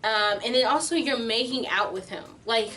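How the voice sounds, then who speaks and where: A young adult woman vlogger telling a storytime tale in an animated, filler-heavy way. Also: on the high side, moderate pace, recorded from a distance. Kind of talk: storytime vlog.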